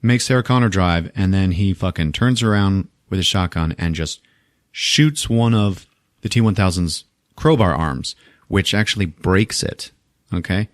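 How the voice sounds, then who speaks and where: A man hosting a podcast, recapping a movie in a casual, profane, animated way and laughing often. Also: deep voice, measured pace, no room sound, studio quality. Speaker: podcast host.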